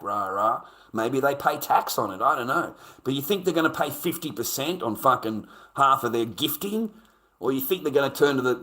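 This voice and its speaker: A man's voice: medium pitch, a bit bright. An Australian man ranting to his audience in a casual, profane, indignant way, repeating his points. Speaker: streamer. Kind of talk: casual rant to camera.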